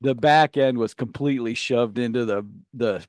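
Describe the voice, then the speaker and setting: A man on a radio morning show, telling a loose, swearing story and putting on shouted voices for his uncle and grandpa. His voice sits at an ordinary middle pitch. The studio sound is dry and close. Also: normal speed, no echo. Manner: rambling anecdote with profanity, acts out yelling relatives. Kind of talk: casual storytelling banter.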